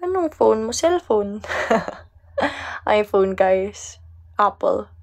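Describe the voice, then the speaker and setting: A woman's voice: mid-range voice, very animated, very slow, gravelly. A young Filipino woman chatting on a live stream, reading comments aloud, giggling and mixing Tagalog with English. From Philippines.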